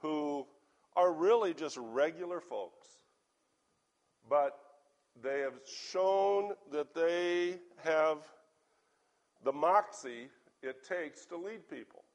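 A man with a hoarse voice preaching a sermon, reading scripture aloud and asking his listeners earnest questions. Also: fairly high pitch, takes it slowly, pauses often, lo-fi sound.

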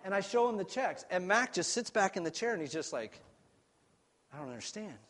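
A pastor delivering a sermon in a slightly higher-than-usual male voice. He tells his story with earnest feeling, climbing to loud emphasis and then dropping to a near hush. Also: animated, a little fast. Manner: earnest, swings between loud and hushed.

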